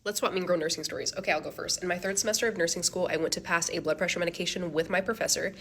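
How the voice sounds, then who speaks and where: A woman nurse telling a storytime to camera, animated, with casual slang, acting out what people said. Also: on the low side, very fast, a little hiss or hum.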